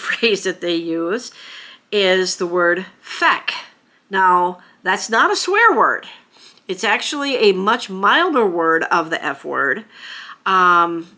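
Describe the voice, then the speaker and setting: A woman's voice: lowish voice, pushed and bright. An American woman talking casually to camera as a vlogger, chatty, with frequent fillers and small laughs. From United States.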